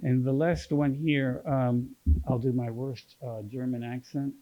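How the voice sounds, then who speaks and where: A man's voice: mid-range voice, fairly even intonation, a little slow, highs cut off. A man with a Kentucky accent reading his poetry at a book launch, chatting and joking with the audience between poems. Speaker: poet and magazine editor reading at a book launch. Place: literary center event room.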